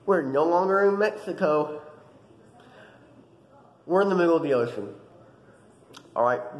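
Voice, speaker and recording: A young man vlogging, telling a dream story in a casual, animated way with lots of fillers. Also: fairly high pitch, measured pace, long pauses, echoey room, low-quality recording. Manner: animated, dramatic retelling with many fillers.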